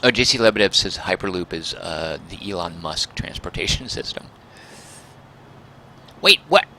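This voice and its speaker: A man's voice: deep voice, expressive, moderate pace, bright, forceful tone, slight background noise. A man streaming a game, chatting and muttering to himself, mildly exasperated with the controls. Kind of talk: casual game livestream commentary.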